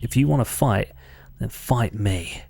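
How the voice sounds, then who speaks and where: A plain, steady young boy adventurer, read by a man in his own voice. The tone stays even and gravelly. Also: fairly low pitch, measured pace, exaggerated voice.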